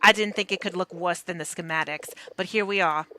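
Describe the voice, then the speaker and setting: A woman's voice: on the low side, brisk, bright, forceful tone, a little hiss or hum. A woman reading out the lines of a sarcastic, bossy animal innkeeper from a game, in a near-everyday voice. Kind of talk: reading game dialogue aloud.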